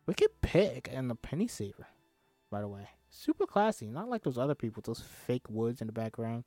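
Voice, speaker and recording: A man's voice: medium pitch, huge pitch swings, moderate pace, dark tone, no echo, faint music behind. A man hosting a comedy podcast, reading a screenplay aloud and breaking off into irreverent, swearing asides. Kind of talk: comedic script read-through.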